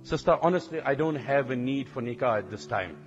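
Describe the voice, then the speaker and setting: A man voicing a modest young scholar who politely and quietly turns down a proposal. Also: mid-range voice, animated, fairly quick, highs cut off, voice pushed down, close to an everyday voice. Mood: refusing. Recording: long hall reverb, faint music.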